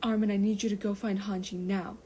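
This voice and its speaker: A woman's voice: mid-range voice, little pitch movement, a little fast, a little hiss or hum, close to an everyday voice. A woman reading as a stern, protective male captain. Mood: urgent. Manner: urgent, commanding, then hushed and soothing. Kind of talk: fan fiction read aloud.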